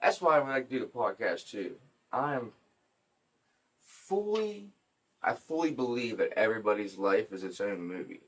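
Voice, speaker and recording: A man's voice: on the low side, a little fast, recorded from a distance. Profane joking man telling a story. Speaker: podcast host. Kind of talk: casual storytelling chat.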